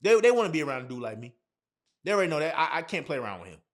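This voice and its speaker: A man's voice: on the high side, very animated, racing. A man giving blunt, emphatic dating advice straight to camera, repeating his points. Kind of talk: casual talk to camera.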